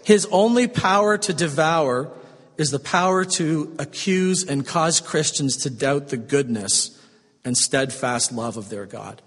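A man preaching a sermon, swinging between strong emphasis and hushed, slow, tender passages. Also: on the high side, slightly rough, big-room sound. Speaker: pastor.

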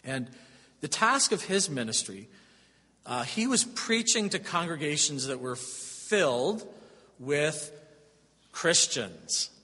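A man's voice: fairly high pitch, animated, takes it slowly, pushed and bright, husky. A middle-aged man, a pastor, preaching a sermon in a conversational way with personal stories. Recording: long hall reverb.

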